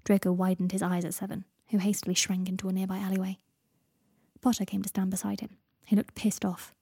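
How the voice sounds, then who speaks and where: A woman, the author, reading her own story aloud in a calm, even manner. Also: medium pitch, fairly quick, vocal fry, breathy edge, no room sound, studio quality. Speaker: author and reader. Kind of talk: storybook narration.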